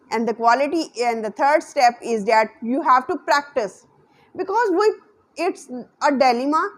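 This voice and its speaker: A woman giving a spoken lesson in an earnest, repetitive way, spelling words out letter by letter. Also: high-pitched. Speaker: English teacher. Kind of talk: spoken English lesson to camera.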